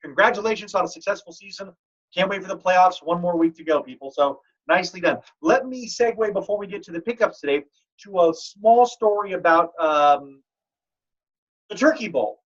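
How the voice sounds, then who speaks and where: A man hosting a fantasy football league podcast, telling stories in a joking, animated way. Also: high voice, normal speed. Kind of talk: casual podcast chat. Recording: dull lo-fi audio.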